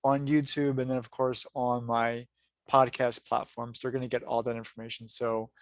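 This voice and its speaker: A man's voice: medium pitch, little pitch movement, moderate pace, dry recording, studio quality. A man hosting a podcast interview, polite and appreciative, thanking his guest often as he wraps up a live stream. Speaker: podcast host. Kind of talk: interview wrap-up. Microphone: live-stream setup.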